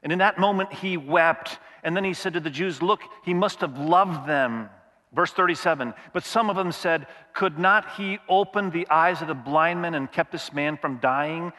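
A man's voice: on the high side, moderate pace, pushed and bright, big-room sound. A male pastor preaching a sermon, reading scripture aloud and asking the congregation questions as he goes.

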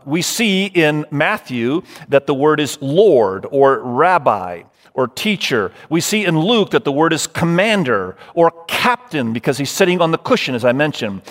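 A man's voice: fairly high pitch, fairly bright tone. A man preaching a sermon as pastor, emphatic, running through lists and speaking straight to his listeners. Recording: long hall reverb.

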